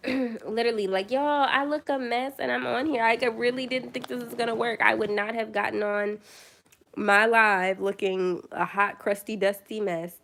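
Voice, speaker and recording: A woman's voice: fairly high pitch, steady tone, normal speed, gravelly, a bit bright. A young woman chatting casually on her first phone livestream, tired late at night, rambling and self-deprecating.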